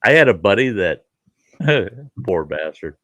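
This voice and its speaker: This man hosts a casual show, spinning folksy stories, laughing, and performing the voices of people he quotes. He speaks a little slowly in a lowish, somewhat bright voice with big pitch swings. No room sound is audible.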